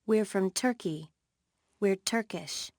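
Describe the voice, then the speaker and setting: A woman reading textbook words and model sentences with clear pronunciation. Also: mid-range voice, slow pace, a little mellow, no room sound, studio quality. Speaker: course narrator.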